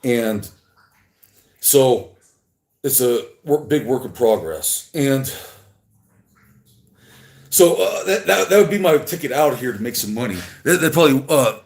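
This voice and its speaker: A man livestreaming alone, rambling and halting as he talks to his chat. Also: mid-range voice, very animated. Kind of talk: rambling solo livestream talk. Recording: echoey room.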